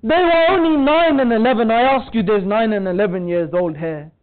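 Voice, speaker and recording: High-pitched man chanting a mournful sermon. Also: fairly quick, smooth. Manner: rises into a high, wailing, tearful chant. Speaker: majlis speaker. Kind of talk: mourning sermon with lamenting recitation. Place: community centre hall. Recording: tinny phone-like sound.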